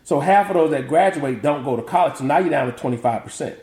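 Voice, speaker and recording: Animated Southern man telling stories. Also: on the high side, quick pace. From American South. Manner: animated, acts out family quotes, laughs often. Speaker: guest, author and motivational speaker. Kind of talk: casual interview chat, storytelling. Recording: echoey room.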